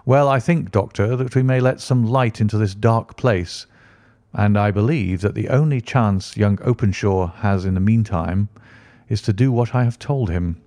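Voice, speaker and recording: A man voicing a keen, brooding Victorian detective in an audiobook reading, speaking in a precise, measured way. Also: lowish voice, mellow, no echo, clean studio sound, lightly acted. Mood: explaining.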